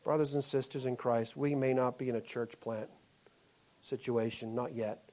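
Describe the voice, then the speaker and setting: A man preaching a sermon as pastor, moving between loud emphatic lines and quiet, slowed-down ones. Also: medium pitch, fairly even intonation.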